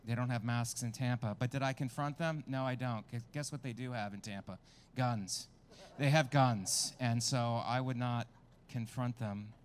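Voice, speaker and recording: A man's voice: mid-range voice, steady tone, normal speed, a little hiss or hum. A man performing a stand-up comedy set with crude, self-mocking crowd work, at a small outdoor show.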